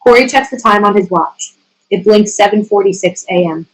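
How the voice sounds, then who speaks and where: A woman's voice: mid-range voice, low-quality recording. Woman reading stage directions. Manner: steady, measured reading of scene directions. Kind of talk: screenplay table reading.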